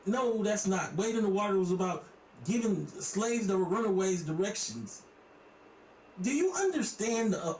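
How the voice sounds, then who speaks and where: A man's voice: high voice, reverberant, far from the mic, slight background noise, rough recording. A male host reviewing tweets, indignant and critical. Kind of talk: reviewing and reading tweets aloud.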